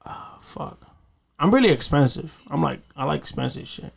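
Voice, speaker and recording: Talk it through like you're hosting a casual podcast with friends: a man with a fairly high, gravelly voice, swearing freely and looping back on yourself as you ramble. Keep it unscripted and loose. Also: lively intonation, normal speed. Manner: loose, profane, rambling with restarts. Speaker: podcast host. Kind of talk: casual storytelling chat.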